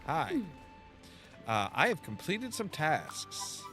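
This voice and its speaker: Lively-pitched man narrating his gameplay. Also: slow pace. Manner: chatty, thinks aloud, trails off and restarts. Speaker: gameplay streamer. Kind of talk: casual let's-play commentary. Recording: faint game music behind.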